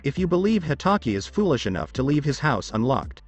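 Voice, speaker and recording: A man voicing a cautious male ninja thug who yells his objections. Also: mid-range voice, big pitch swings, fairly quick, highs cut off, soft background music. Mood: arguing. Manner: loud, arguing.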